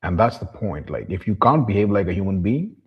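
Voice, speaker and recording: Low husky man ranting bluntly. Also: big pitch swings, brisk, dull audio. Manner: refers to himself in the third person; blunt, profane, contemptuous ranting. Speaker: vlogger. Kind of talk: monologue to camera.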